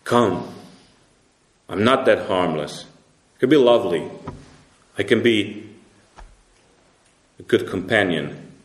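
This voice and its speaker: A man's voice: on the low side, expressive, slow pace, long pauses. A man voicing sin as a sly tempter that coaxes and invites, heard with a roomy echo. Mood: coaxing. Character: personified sin, a sly tempter luring people.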